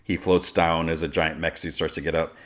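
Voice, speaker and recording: A man's voice: a bass voice, flat delivery, brisk, a bit bright. A man hosting a podcast, casually recapping a cartoon episode with lots of filler words. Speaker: podcast host.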